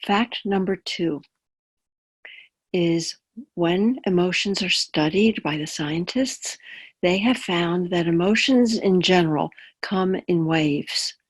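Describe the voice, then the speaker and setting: A woman chaplain teaching in an easy, conversational tone over a webinar. She draws on personal examples and keeps checking in with quick questions to her audience. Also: fairly low pitch, husky. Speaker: palliative care chaplain. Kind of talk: webinar talk.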